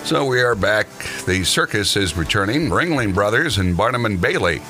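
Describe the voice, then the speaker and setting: A man's voice: lowish voice, sing-song, moderate pace, sharp tone, faint music behind. A man hosting a morning radio show, reading news items in a casual way and laughing often. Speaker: host.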